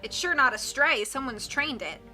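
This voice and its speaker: Easygoing young man, read by a woman, firm, bright storybook voice. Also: high-pitched, lively intonation, moderate pace, faint music behind, heavily acted.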